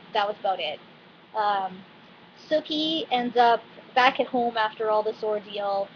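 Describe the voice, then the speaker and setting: A woman giving a casual, chatty recap of a TV episode, talking with animated asides and frequent fillers. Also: fairly high pitch. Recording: dull lo-fi recording with faint noise.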